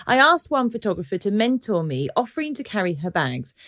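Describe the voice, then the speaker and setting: A woman's voice: medium pitch, brisk. A woman co-hosting a podcast, chatting casually and acting out the people in her stories. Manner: animated storyteller, acts out quoted people. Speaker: podcast co-host. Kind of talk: casual chat.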